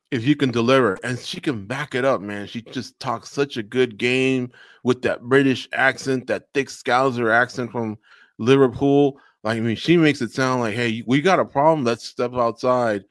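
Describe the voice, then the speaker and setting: A man co-hosting a podcast, chatting casually about fights in an animated way and slipping into mock voices. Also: mid-range voice, no echo, studio quality. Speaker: podcast co-host. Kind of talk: casual MMA recap chat.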